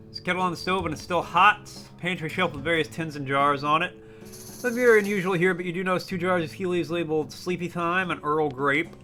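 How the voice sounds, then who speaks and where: A man's voice: on the high side, quick pace, sharp tone. A man streaming a game, reading its text aloud in a playful, jokey way. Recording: faint music behind.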